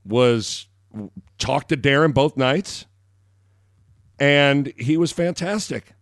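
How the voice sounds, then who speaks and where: A man co-hosts a casual sports radio show, his talk rambling and animated, at times erupting into shouted calls. His voice sits at an ordinary middle pitch. The studio sound is dry and close. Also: takes it slowly, no echo.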